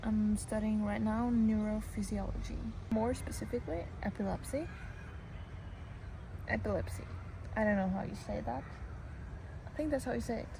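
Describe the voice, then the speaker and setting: A woman's voice: mid-range voice, a little fast, creaky. Chatty young woman vlogging outdoors. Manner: chatty, relaxed, talks while walking and moving. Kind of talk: casual vlog narration. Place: outdoors in the sun. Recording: outdoor noise behind.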